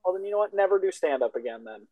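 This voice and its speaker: A man co-hosting a casual comedy podcast, excitable and teasing, swearing often. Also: high-pitched, very fast, narrow, tinny audio. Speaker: co-host, comedian. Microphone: remote call. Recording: dry remote call audio.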